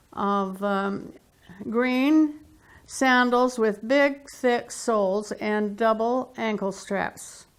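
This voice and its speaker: Casting: woman, higher smooth voice, slow gentle reminiscing. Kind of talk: oral history reminiscence.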